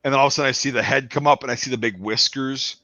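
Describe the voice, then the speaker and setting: A man's voice: mid-range voice, racing, no echo, lo-fi sound. A man telling a rowdy army story in casual podcast chat, swearing freely and acting out the moments. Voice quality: profane, animated storyteller. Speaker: podcast host.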